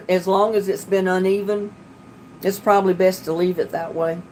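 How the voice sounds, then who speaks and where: A woman's voice: lowish voice, steady tone, a little slow, a little mellow, slight background noise. An older woman hosting a casual home livestream, chatting with viewers in a homey, easygoing way. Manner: chatty, homey, talks about fixing things herself. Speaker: livestream host. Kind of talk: casual chat reading viewer comments.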